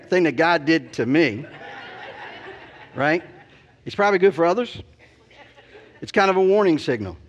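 A man's voice: on the high side, highs cut off. A middle-aged man preaching by telling a story about himself, rambling and self-deprecating, with many "you know"s. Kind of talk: storytelling sermon.

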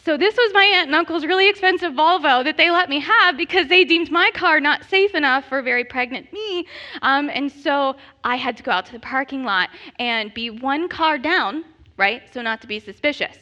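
A high, bright woman in her thirties spins a funny story about herself, animated and quick to laugh at her own expense. The recording is dull and lo-fi. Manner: animated, self-deprecating, laughing often. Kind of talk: comedic personal storytelling.

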